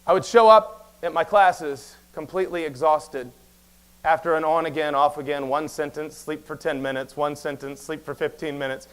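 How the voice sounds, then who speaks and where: A man preaching a sermon as pastor, talking very fast and telling stories with quick asides. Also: a little high, smooth. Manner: animated storytelling with quick asides; talks very fast. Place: church sanctuary.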